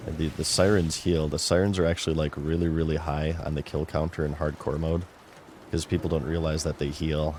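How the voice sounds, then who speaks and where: A man's voice: rumbling low, a little fast, a little hiss or hum. A man streaming a game, chatting casually and muttering to himself as he plays. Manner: relaxed, chatty, mutters to himself while playing. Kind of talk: casual gameplay commentary.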